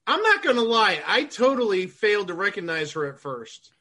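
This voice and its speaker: A man's voice: high-pitched, big pitch swings, moderate pace, bright, forceful tone. A man co-hosting a casual movie podcast, dry and amused. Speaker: podcast co-host.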